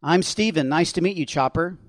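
A polite, unsure office worker, as a male reader voices him, speaking hesitantly and on the back foot. It is close to the reader's own fairly high voice, recorded dry with no room around it. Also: a little fast, no room sound, natural voice. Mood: uneasy. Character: mild, awkward American office-worker man.

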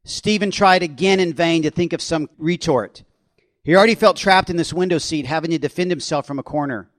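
A man's voice: a little high, brisk, fairly bright tone, no echo. Author reading his own thriller aloud. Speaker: novelist.

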